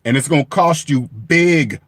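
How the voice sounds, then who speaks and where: A personal finance vlogger gives blunt money advice straight to camera in an emphatic, repetitive rant, swearing for emphasis and laughing at himself. His voice is on the high side and fairly bright, at normal speed, with no room sound.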